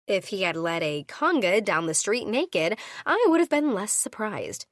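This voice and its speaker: A woman narrating a first-person audiobook into a studio microphone, playful and expressive in her delivery. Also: mid-range voice, normal speed, hardly any pauses, no room sound.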